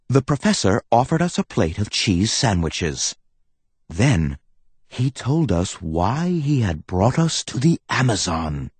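A man narrating a children's storybook aloud with an animated, expressive delivery. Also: low voice, slow, husky, no echo. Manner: animated, wide-ranging delivery. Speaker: audiobook narrator.

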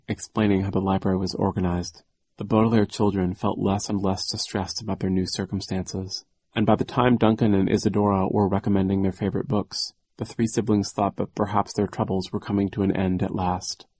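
Male audiobook narrator, low and husky, wry measured delivery, dry studio sound. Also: mellow, dry recording. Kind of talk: scripted narration.

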